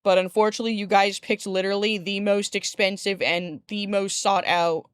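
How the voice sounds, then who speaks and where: Speaking at a moderate pace with fairly even intonation, this woman has a smooth, medium-pitched voice captured dry and studio-clean through a desk streaming mic. She's livestreaming from a home room beside a window, rambling casually with viewers, laughing a lot and cursing mildly.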